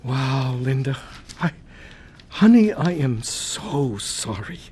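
An actor playing a gentle, caring husband in a radio drama, soft and reassuring. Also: male voice, mid-range voice, very animated, slow, husky, full character voice. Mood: tender.

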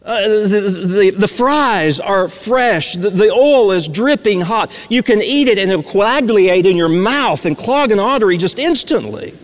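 Guy preaching in a big echoey church, kinda high voice, earnest, repeats stuff for emphasis. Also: animated, a little slow, few pauses. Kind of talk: sermon. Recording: long reverb of a large hall.

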